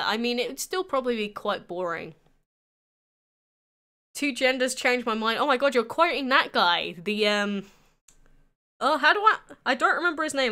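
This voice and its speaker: A woman's voice: mid-range voice, a bit bright, clear, resonant tone. A nineteen-year-old woman with an English accent, chatting on a livestream and answering viewers' questions. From England. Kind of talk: casual chat answering live chat.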